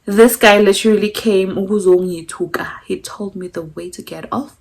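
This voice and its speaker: A woman's voice: moderate pace, gravelly. A young South African woman with a South African accent, chatting casually through a storytime and switching between English and Zulu. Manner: animated, acts out quotes with pitch jumps. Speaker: vlogger.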